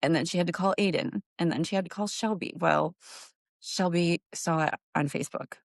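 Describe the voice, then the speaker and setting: A middle-aged woman with a gravelly, creaky voice, telling her story in halting, repeated phrases. Her pitch leaps up high as she relives the hardest moments. The sound is dry and close. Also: no room sound. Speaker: guest, grieving mother. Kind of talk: emotional personal storytelling.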